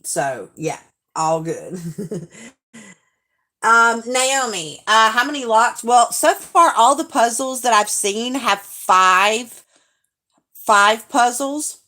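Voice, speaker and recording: A woman with a Southern accent chats on a live stream, answering viewers in a gushing, friendly way. She talks slowly and draws out her words. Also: fairly high pitch, animated, bright, forceful tone. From Alabama, US. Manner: chatty, gushing, drawn-out Southern talk. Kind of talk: casual live stream chat reading viewer comments.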